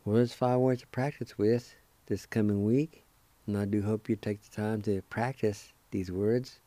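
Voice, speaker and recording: A radio language teacher and host speaks in a mellow, somewhat low voice with fairly even intonation, very slow and deliberate. He spells each word letter by letter and repeats it several times. The sound is dry and close, with no echo or room tone.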